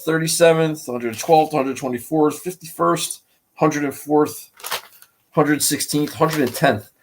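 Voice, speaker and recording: A man's voice: on the high side, fairly bright tone. A man hosting a golf betting show, talking in a rambling, profane, frustrated way. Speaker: golf betting podcast host. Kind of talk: casual chat.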